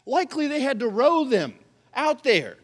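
A man preaching a sermon as pastor, telling the story with animated energy and bursts of shouting. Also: very high voice, moderate pace.

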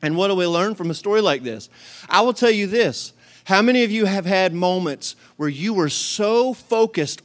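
A middle-aged man preaching a sermon, telling a story with lively acted-out voices and frequent laughter. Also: sits high. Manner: animated storytelling, acts out voices, laughs often. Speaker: pastor.

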